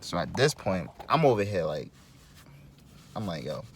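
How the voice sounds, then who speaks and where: A young man with a fairly low voice tells a food story in a casual vlog, joking and acting out both sides of an argument. He records at a fast food restaurant with a close camera mic, and a faint background hum sits behind him. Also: very animated. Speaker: vlogger.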